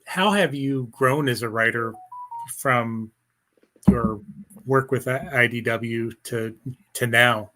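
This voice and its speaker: Bright-voiced male interviewer. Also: medium pitch, slow. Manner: stumbling starts to questions. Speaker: interviewer, host. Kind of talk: casual interview.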